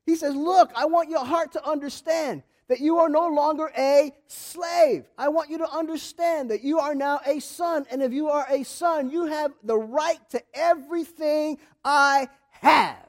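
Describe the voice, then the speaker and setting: A man preaching a sermon with passion, addressing the congregation directly and rising to shouts. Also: very high voice, fairly even intonation, a little slow, hardly any pauses. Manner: impassioned, rising to shouts, speaking straight to the congregation.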